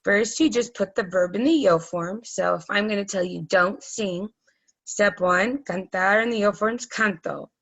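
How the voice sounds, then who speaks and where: A woman's voice: medium pitch, measured pace, a bit bright, highs cut off. A woman teaching a recorded Spanish grammar lesson, explaining patiently step by step with frequent ums.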